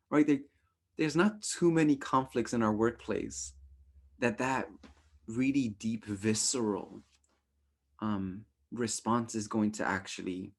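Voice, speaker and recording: Animated man teaching, "right?" after every point. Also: mid-range voice. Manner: animated, acts out quotes with playful voices, says "right?" often. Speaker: relationship workshop teacher. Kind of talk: casual teaching talk.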